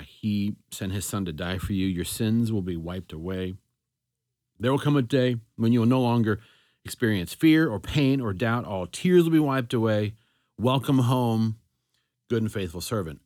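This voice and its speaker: A man's voice: fairly low pitch, dry recording, studio quality. A man hosting a solo faith podcast, thinking aloud in a conversational way and often correcting himself. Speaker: podcast host. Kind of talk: solo reflective talk on faith.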